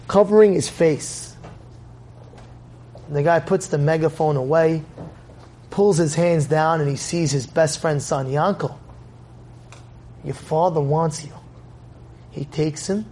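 A man giving a sermon, telling a story in an animated way and acting out its scenes. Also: a little high, slight background noise. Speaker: religious speaker.

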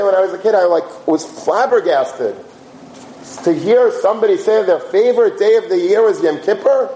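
A man giving an animated sermon-style talk to students, telling stories, asking rhetorical questions and mixing in Yiddish and Hebrew words. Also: high-pitched, normal speed. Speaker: yeshiva teacher giving a talk. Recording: roomy echo, faint background hum.

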